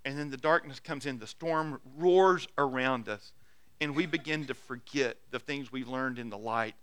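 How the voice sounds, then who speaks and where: A man preaching a sermon as pastor, earnestly urging his congregation, swinging from loud exhortation to quiet, intimate asides with frequent restarts. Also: mid-range voice, moderate pace, clean tone, no echo.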